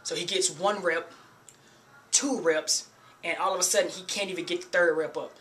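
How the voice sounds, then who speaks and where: Bright-voiced man telling a gym story. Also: high voice, steady tone, moderate pace, a little hiss or hum. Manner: loose and chatty, keeps saying "you know" and "man"; earnest warning to beginners. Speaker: fitness vlogger. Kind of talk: casual storytelling to camera.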